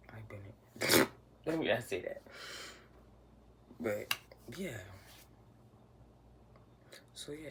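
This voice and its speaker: Young man, gravelly voice, lowish pitch, casual storytime, chatty, drops to a whisper, noisy background. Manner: chatty, animated, slangy, often drops to a near whisper. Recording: noisy room ambience.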